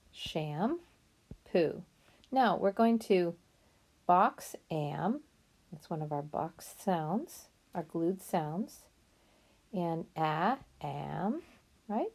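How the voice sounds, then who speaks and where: A woman's voice: fairly low pitch, expressive, extremely slow, vocal fry, long pauses, a little mellow. A woman teaching a phonics lesson to children, patiently spelling out words letter by letter and praising them often. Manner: encouraging.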